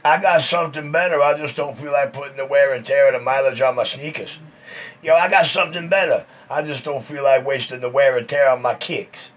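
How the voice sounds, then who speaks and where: A man's voice: mid-range voice, a little fast, background noise. A man on CB radio, bantering in a boastful, teasing way. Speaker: CB radio operator. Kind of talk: CB radio chatter.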